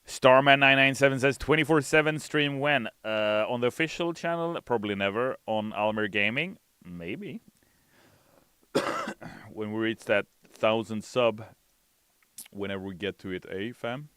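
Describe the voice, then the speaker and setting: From a studio with no room sound, a man hosts a game livestream, casually reading chat messages aloud and answering them. His mid-range voice is smooth and a bit bright, and he keeps a measured pace.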